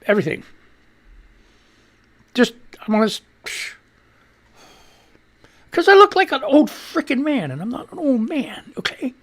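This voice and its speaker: A man's voice: high voice, creaky. A man in his sixties hosting a live radio stream, chatting casually and profanely and reading viewer tweets. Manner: profane, rambling, laughs at himself. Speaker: radio show host.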